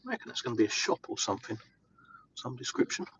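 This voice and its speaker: A man's voice: mid-range voice, very animated, fast talker, bright, forceful tone, slight background noise, poor audio. An English man vlogging casually outdoors in the snow, chatty and rambling with lots of fillers. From England. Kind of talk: casual walking vlog.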